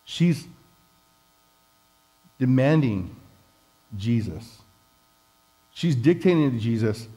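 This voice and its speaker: A man's voice: medium pitch, animated, slow pace, long pauses, a little mellow, rough recording. A man preaching a conversational sermon, candid and self-deprecating as he talks with the congregation.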